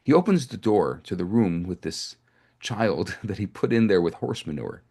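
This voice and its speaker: A man's voice: low voice, lively intonation, normal speed, a little mellow, breathy edge. A man giving a sermon as a rabbi, telling stories in a loose conversational way, often restarting and repeating himself. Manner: conversational, with frequent restarts and repetitions. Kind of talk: storytelling sermon to a live group.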